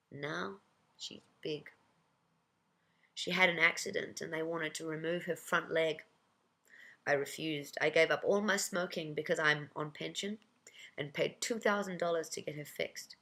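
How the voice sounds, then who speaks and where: Old Russian grandma, as told by the narrator, gravelly smoker's voice, cooing, blunt broken English. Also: female voice, on the low side, fairly bright tone, full character voice. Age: older. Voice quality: smoke-laden voice.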